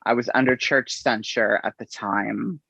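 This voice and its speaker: Gravelly-voiced man telling his story. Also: medium pitch, steady tone, pushed and bright, no room sound. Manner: unhurried, halting, acts out quoted exchanges. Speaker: interview guest. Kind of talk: conversational storytelling. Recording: dull, slightly lo-fi audio.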